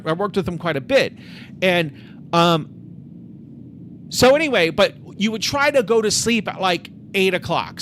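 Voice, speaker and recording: Animated, swearing man telling stories. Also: high voice, a little hiss or hum. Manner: rambling storytelling with lots of fillers and swearing. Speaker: streamer. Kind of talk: casual live-stream chat.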